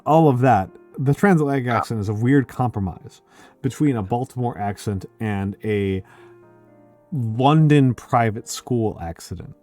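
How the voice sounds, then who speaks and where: A man's voice: medium pitch, measured pace, a little mellow, faint music behind. A man hosting a casual group chat on a stream, explaining things in a rambling, lecture-like way with jokey asides. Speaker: streamer and host.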